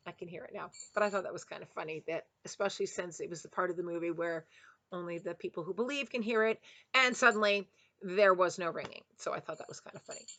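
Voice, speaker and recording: After finishing a read-aloud, a former kindergarten teacher talks fast in a lowish voice into a headset mic. She's chatty, friendly and rambling, breaking into excited bursts now and then, and she reads picture books in retirement.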